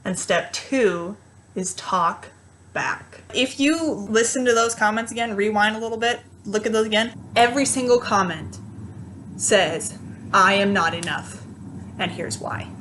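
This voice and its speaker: A woman's voice: mid-range voice, a little slow, a bit bright, slight background noise. A young woman coaching mothers in an earnest, encouraging motivational talk to camera.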